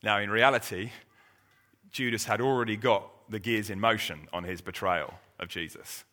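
A man gives a storytelling sermon in a bright, forward voice. He talks conversationally, restarting his sentences and slipping into the speech of the people in the story. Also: on the low side, moderate pace. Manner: conversational, with restarts and acted quotes. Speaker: preacher.

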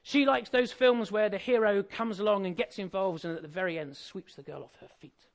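A man's voice: high-pitched, a little fast. A married man preaching an Easter sermon in a conversational, jokey way, often asking the audience questions. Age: adult, married.

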